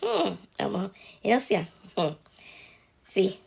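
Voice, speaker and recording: Very animated yet taking it slowly, a woman with a creaky, husky, medium-pitched voice explains a casual phone tutorial from home. She's a TikTok creator with a cold who chats and checks in with the viewer after every step.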